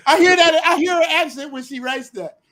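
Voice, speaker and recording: A man's voice: extremely high pitch, a little fast, bright, forceful tone. A man teasing his friends in a casual chat, playful and laughing often. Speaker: guest on a live stream.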